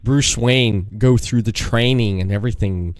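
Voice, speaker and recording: A young man calling in as a podcast guest, chatting in a laid-back, drawn-out way with chuckles. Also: mid-range voice, no echo, studio quality. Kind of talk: casual chat.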